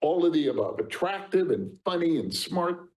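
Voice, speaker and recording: A man's voice: a little high, normal speed, low-quality recording. Laughing older storyteller man. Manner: lively raconteur, laughing often. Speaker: interview guest, talent agent. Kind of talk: anecdotal storytelling.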